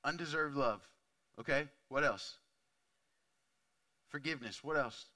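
A man in his thirties, a pastor giving a candid, conversational sermon full of asides, swinging from quiet to loud and intense. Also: mid-range voice, unhurried.

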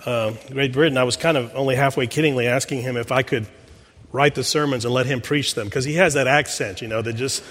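A man's voice: medium pitch, a bit bright, in a large hall. A man with a Texan accent preaching a sermon as pastor, folksy and joking as he reads children's letters to his congregation. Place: large church sanctuary.

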